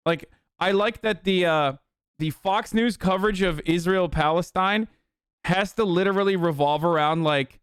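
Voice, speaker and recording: A man's voice: sits high, normal speed, clean tone, dry recording, studio quality. Profane joking young man streaming. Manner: profane, joking, reads chat aloud. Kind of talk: casual live-stream commentary.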